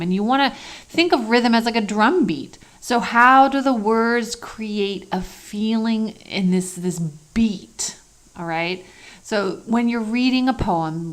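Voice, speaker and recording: A woman teaching a lecture in a conversational way, asking rhetorical questions and checking in often with "okay" and "all right". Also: medium pitch.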